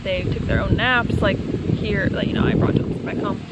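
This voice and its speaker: A woman's voice: medium pitch, steady tone, normal speed, muffled recording. A young adult woman, a vlogger and mom, chatting casually into a handheld phone camera with lots of "like" and "um". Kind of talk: casual vlog chat. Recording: loud background noise.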